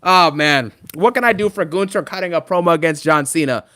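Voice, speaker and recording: A man's voice: fairly high pitch, brisk, bright, forceful tone. A man on a live stream, ranting bluntly and in an exasperated way, repeating his points for emphasis. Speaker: live streamer reviewing wrestling. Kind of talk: live rant.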